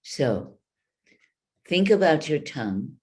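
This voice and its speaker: Woman, voice coach, slow delivery, demonstrative, online workshop. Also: sits low, very animated, a little mellow. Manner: demonstrative, drawn-out vocal examples. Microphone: video call.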